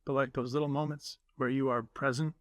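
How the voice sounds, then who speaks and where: Earnest male podcast host in casual conversation, mid pitch, dry recording. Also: fairly even intonation, fairly quick, no room sound. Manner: earnest, warm-hearted, many fillers. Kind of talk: casual interview chat.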